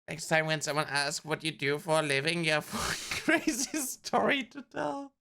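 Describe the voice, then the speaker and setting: A woman's voice: sits low, moderate pace, creaky, hardly any pauses, pushed and bright. A woman streamer reading a film script aloud and reacting candidly, with frequent swearing.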